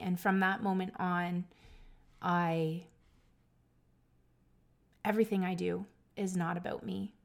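A woman hosting a talk, telling a personal story in an earnest, emotional way. She swings between hushed, reflective moments and loud, lively bursts. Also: fairly low pitch, slow, creaky, long pauses. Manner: earnest and emotional, with many restarts. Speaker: podcast host.

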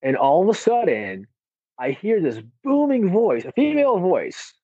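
Animated male storyteller, fairly high voice, dry and close. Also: measured pace, husky, no echo. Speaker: marathon runner guest. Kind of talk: casual chat. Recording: tinny phone-like line.

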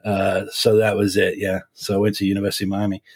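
A man in his forties, a defense attorney, talking in an interview in a halting, reflective way with many restarts. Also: lowish voice, completely flat delivery, breathy edge. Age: 40s.

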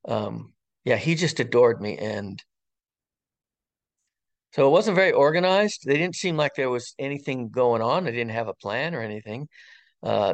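A man in his sixties, an interview guest and retired fire captain, tells a personal story in an earnest, wondering way with frequent ums and pauses. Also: medium pitch. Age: 60s.

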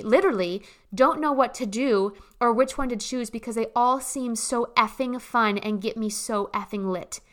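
A woman with a slightly high, fairly bright voice hosts a motivational podcast, gushing, emphatic, and casually swearing. She's emotional and tearing up.

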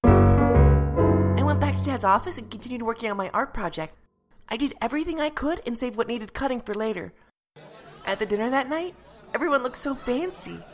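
A woman voicing an earnest, deadpan young girl telling her story in a comedy sketch. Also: fairly high pitch, normal speed, long pauses, music in the background, crowd noise, natural voice.

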